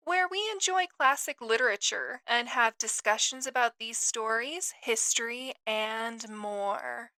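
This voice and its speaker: A woman's voice: on the high side, bright, forceful tone, dry recording, rough recording. A woman hosting a literary podcast, talking in an enthusiastic, self-deprecating way. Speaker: podcast host. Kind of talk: chatty podcast monologue.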